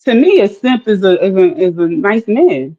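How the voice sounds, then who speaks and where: Woman panelist, animated debater, mid-pitched, lo-fi muffled audio. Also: normal speed. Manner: animated, acts out quoted voices, many fillers. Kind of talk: casual debate. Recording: dull lo-fi audio.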